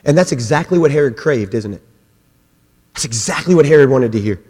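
A man preaching a sermon as pastor, swinging between loud, forceful passages and quiet ones. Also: medium pitch, expressive, brisk, breathy edge, in a large hall.

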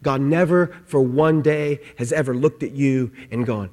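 A middle-aged man preaching a sermon, telling a comic story with shouted quotes, then dropping soft and low for the message. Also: steady tone, unhurried. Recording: long hall reverb.

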